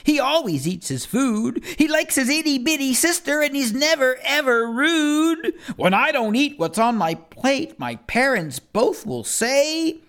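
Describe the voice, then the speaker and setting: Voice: high-pitched, sing-song, unhurried, few pauses, fairly bright tone. A reader performing rhyming children's poems in a first-person kid's voice, with a playful sing-song delivery.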